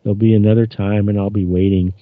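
A man's voice: on the low side, flat delivery, fast talker, no room sound, close to an everyday voice. A man reading as a menacing patient alien. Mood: coaxing. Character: manipulative male alien entity, patient and menacing. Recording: dull lo-fi dry recording.

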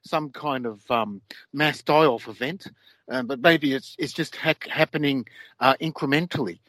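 A man co-hosts a casual talk show, rambling and trailing off with lots of ums. His voice is mid-pitched and sounds dry and close, with no room around it. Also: measured pace, fairly bright tone, no echo, rough recording. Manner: hesitant, rambling, many fillers. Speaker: podcast co-host.

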